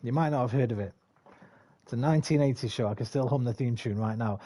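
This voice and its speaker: A man's voice: medium pitch, fast, warm tone. A man in his forties from England, rambling and swearing while chatting over a game. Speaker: gaming streamer. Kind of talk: casual gameplay commentary.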